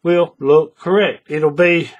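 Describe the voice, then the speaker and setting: A man whose voice is husky and slightly high explains a craft project step by step, slowly and with fairly even intonation. His manner is loose and casual, and he repeats himself often while checking that the viewer keeps up.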